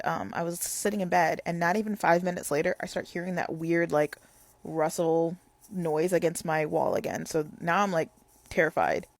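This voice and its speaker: A woman's voice: lowish voice, dry recording. A young woman telling a casual storytime, rambling with lots of "like" fillers.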